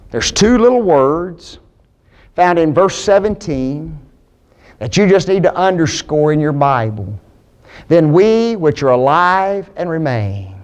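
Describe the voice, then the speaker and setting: Man, preacher, sermon in church, emphatic, slow deliberate delivery, high voice, rhetorical questions to audience. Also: clear, resonant tone. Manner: emphatic, rising to high-pitched peaks then dropping low.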